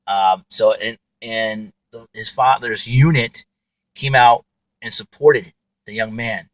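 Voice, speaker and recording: A man's voice: lowish voice, steady tone, slow pace, dry recording, poor audio. A man hosting his own podcast, talking alone in a rambling way with many fillers and restarts. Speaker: podcast host. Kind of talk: casual monologue.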